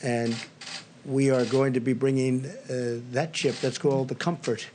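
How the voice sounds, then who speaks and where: A man's voice: mid-range voice, steady tone, measured pace, darkish tone, a little hiss or hum. An older man giving remarks at a press briefing, rambling and repetitive, piling on superlatives. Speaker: briefing speaker at press podium.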